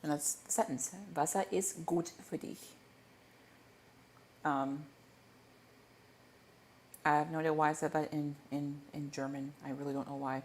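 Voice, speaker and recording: A man's voice: fairly high pitch, monotone, normal speed, pauses often, slight background noise. A man hosting a casual livestream Q&A into a desk microphone, rambling playfully and tripping over his words as he corrects himself. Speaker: livestream host.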